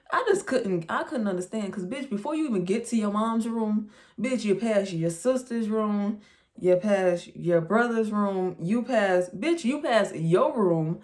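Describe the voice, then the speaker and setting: A woman vlogger of middling pitch spinning a storytime tale. Her delivery is blunt and profane, and she sounds openly incredulous at what she is recounting. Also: lively intonation, unhurried, a little mellow. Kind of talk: storytime vlog.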